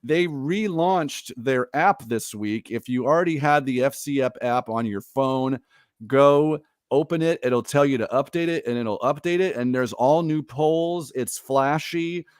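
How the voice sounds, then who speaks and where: A man's voice: medium pitch, unhurried, clear, resonant tone, no room sound, clean studio sound. Chatty man laughing through pop-culture talk. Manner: animated, laughs often, reads quotes aloud. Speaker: podcast co-host. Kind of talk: casual chat.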